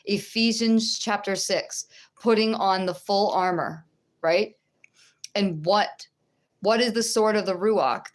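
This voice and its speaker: A middle-aged woman giving a religious teaching and testimony, conversational and halting, often checking in with the listener. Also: mid-range voice. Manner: halting, with restarts.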